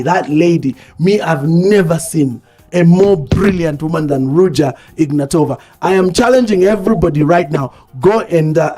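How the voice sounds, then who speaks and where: A man with a Zambian English accent hosting a live radio talk show, telling stories in an animated way and repeating phrases for emphasis. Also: a little high. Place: radio studio. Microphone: studio microphone.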